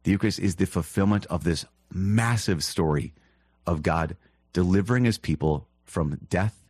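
A man hosting a teaching podcast, reading catechism passages and explaining them in an earnest, animated way with quick asides. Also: low voice, husky, dry recording. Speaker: priest podcast host.

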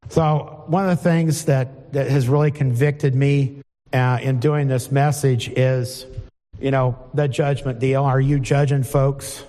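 A man's voice: mid-range voice, fairly even intonation, a little slow, dark tone. A middle-aged man preaching an informal sermon to a congregation, reading scripture and asking the room plain questions. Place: church hall before a congregation. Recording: long hall reverb.

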